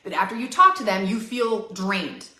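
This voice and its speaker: A woman's voice: medium pitch, animated, normal speed, bright, forceful tone, reverberant. A woman ranting on a live video, sassy and feisty, rambling and laughing as she talks to her followers. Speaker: MLM seller on a live video. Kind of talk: livestream rant.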